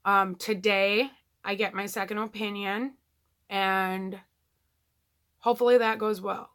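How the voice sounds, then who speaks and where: A woman's voice: medium pitch, level tone, a little slow, fairly bright tone. A woman talking candidly in a casual video diary, rambling with lots of ums and you-knows. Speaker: vlogger.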